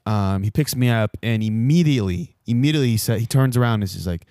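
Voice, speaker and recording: A young man co-hosting a podcast, telling an animated story in casual chat. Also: medium pitch, quick pace, dry recording, clean studio sound.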